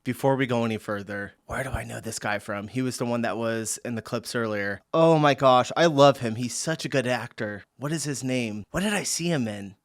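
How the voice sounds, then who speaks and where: American man, reaction host, casual chat, laughs often, middling pitch. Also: brisk, few pauses. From United States. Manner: laughs often, chatty, amused.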